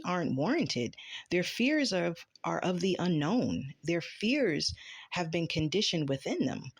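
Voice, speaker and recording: Low-voiced impassioned woman vlogger. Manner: impassioned, rhetorical questions, swears. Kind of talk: casual opinion monologue to camera.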